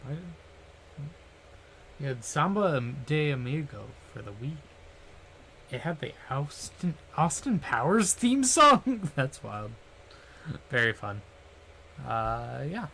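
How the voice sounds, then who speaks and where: A man's voice: mid-range voice, animated, takes it slowly, vocal fry, pauses often, a bit bright, slight background noise. A man streaming alone, rambling playfully to himself and making silly noises while he works. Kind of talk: casual solo stream chatter.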